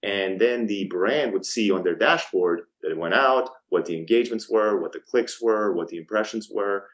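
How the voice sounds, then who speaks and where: A man's voice: lowish voice, moderate pace, rough recording. A man in his thirties, a podcast guest, telling a story in a casual interview and acting out the back-and-forth of phone calls, with frequent ums and restarts. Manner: lively storyteller who acts out quoted phone calls. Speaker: podcast guest, startup co-founder.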